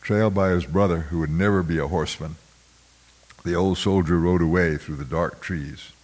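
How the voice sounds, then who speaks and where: A man with a very low voice reads literary fiction aloud at a measured, somber pace. He occasionally clears his throat and restarts a word. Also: darkish tone. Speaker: audiobook narrator. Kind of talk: literary narration read aloud.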